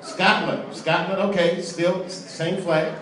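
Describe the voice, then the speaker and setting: A man's voice: high voice, level tone, measured pace, far from the mic, noisy background. A male stand-up comedian doing profane, teasing crowd work on a comedy club stage. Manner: profane, bantering, teasing audience members. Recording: echoey live club recording, loud crowd.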